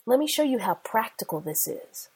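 Woman preacher, forties, mellow husky tone, emphatic sermon delivery. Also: fairly high pitch, big pitch swings, poor audio. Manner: emphatic preaching with slow stressed phrases. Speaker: Christian speaker.

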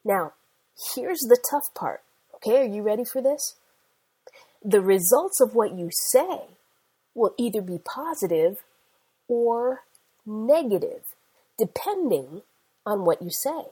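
A woman's voice: on the high side, sing-song, slow, pauses often, warm tone, husky, low-quality recording. A middle-aged woman preacher delivering an earnest sermon, telling stories in a conversational way and quoting scripture.

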